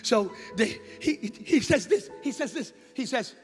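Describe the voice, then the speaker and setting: A man preaching a sermon, telling a story with acted-out dialogue and building into shouted passages. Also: extremely high pitch, animated, unhurried. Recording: long hall reverb with faint music.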